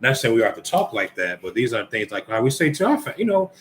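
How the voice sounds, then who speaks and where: A man's voice: mid-range voice, big pitch swings, fast, slight background noise. A man giving informal Bible teaching, reading scripture aloud and commenting conversationally while speaking directly to the brothers and ladies listening.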